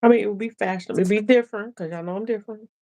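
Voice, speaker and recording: A woman hosts a casual sewing live stream, chatting and laughing as she talks directly to her viewers. Her mid-range voice is dark in tone and racing in pace, in a dry recording.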